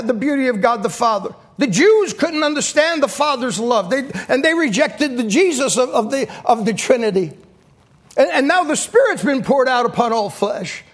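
A man's voice: very high-pitched, fairly bright tone. A middle-aged man preaching a sermon with passion, repeating words as he goes and acting out the quotes he tells. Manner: impassioned, repeats words, voices quotes dramatically.

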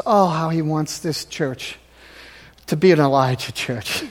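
A male pastor preaching a sermon in a church sanctuary, swinging from loud exhortation to near-whispers. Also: fairly high pitch, measured pace.

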